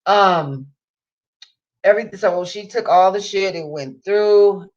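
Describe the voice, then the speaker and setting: A woman's voice: medium pitch, slow pace. A woman vlogger telling a story in a casual rant, heavy on swearing, acting out what people said. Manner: profane, animated storytelling with acted-out quotes. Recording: dull lo-fi sound.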